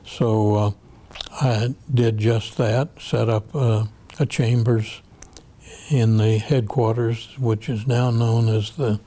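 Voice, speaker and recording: An older man, a federal appeals judge, telling an oral history in a measured, halting way with frequent pauses. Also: medium pitch, steady tone, dark tone.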